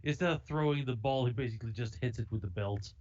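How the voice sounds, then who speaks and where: A man's voice: mid-range voice, fast, darkish tone, muffled recording. A man co-host joking around and laughing while his partner reads a novel. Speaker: podcast co-host. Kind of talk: casual banter.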